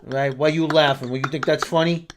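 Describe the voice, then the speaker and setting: A man's voice: a little high, fairly even intonation, fairly quick, background noise, lightly acted. A man putting on a cagey middle-aged character, tough-guy patter ending lines with "all right?". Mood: gruff, evasive.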